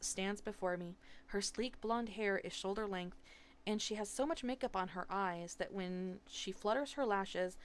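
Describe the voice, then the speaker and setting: A woman reading a novel aloud live in steady, expressive narration. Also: medium pitch. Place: home streaming setup.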